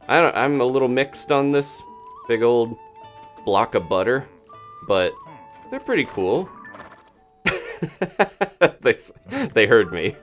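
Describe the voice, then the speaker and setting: A man with a low voice gives casual commentary while he plays a game on a live stream. His delivery is lively and swings up and down, chatty and cheerful. Faint game music plays behind him. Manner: chatty and upbeat, laughs often, greets chat.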